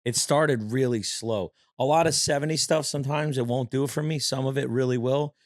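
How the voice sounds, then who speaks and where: A man's voice: mid-range voice, brisk, no room sound, clean studio sound. A man hosting a podcast in casual chat, teasing and skeptical with his guest. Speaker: podcast host.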